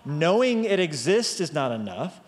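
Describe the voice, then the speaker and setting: A man's voice: a little high, sing-song, moderate pace, big-room sound. A man preaching a sermon as pastor, emphatic, stretching out key phrases for weight.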